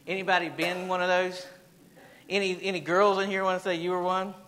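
The voice is high and bright with a forceful tone, yet his delivery is flat and a little fast, captured on a rough recording. This pastor preaches in church, storytelling through an anecdote he reads aloud, repeating phrases and hurling questions at the congregation.

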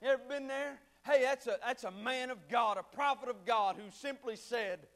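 Man, preacher, very high voice, impassioned sermon, loud-to-soft swings, conversational asides. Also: moderate pace, few pauses. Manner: impassioned, swinging between shouts and hushed near-whispers; conversational, addresses listeners as friend.

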